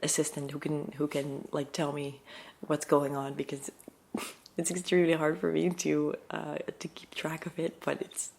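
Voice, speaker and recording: A woman who makes ASMR videos, chatting to her viewers in a casual vlog, talking fast and excitedly with lots of fillers and sometimes drifting into soft whispers. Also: low voice, creaky.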